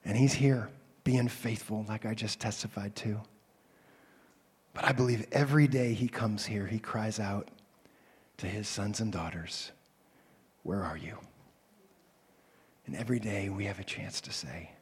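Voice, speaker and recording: A man preaching a sermon as a pastor, swinging between loud, animated calls and soft, hushed passages. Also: lowish voice, normal speed, breathy edge.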